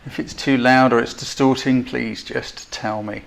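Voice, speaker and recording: A man's voice: mid-range voice, steady tone, measured pace, gravelly. An English man hosting a live photography stream, chatty, self-deprecating and full of thanks to his viewers. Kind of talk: casual live-stream chat. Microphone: desk mic with levels being adjusted.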